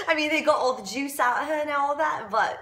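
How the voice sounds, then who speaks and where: A woman's voice: high-pitched, sharp tone. A woman playing a spoiled, spiteful young woman who gloats over a rival, giggling, mocking and dropping into sly whispers. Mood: smug. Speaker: actor auditioning. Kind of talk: audition monologue.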